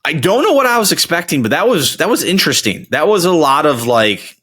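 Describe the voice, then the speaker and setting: A man's voice: on the high side, very animated, brisk, pushed and bright, slightly rough. A young man hosting his own show, chatting casually and telling rambling stories with frequent restarts. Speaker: podcast host. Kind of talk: casual solo chat.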